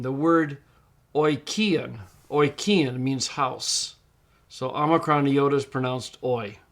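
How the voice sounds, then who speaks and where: Patient man teaching over a screencast. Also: mid-range voice. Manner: patient, explains step by step, slows down to model pronunciation. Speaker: Greek teacher. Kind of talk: screencast tutorial narration.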